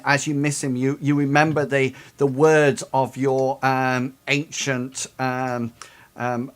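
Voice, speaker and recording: A man running a tabletop game as game master, describing combat with many pauses and restarts. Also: medium pitch. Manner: hesitant, full of ums and restarts.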